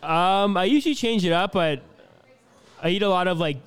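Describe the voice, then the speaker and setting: A man in his twenties from Canada, answering interview questions in a relaxed, easygoing way with lots of fillers. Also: high-pitched, moderate pace, clear, resonant tone. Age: 20s. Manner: easygoing, laughs often, many fillers. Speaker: hockey player being interviewed.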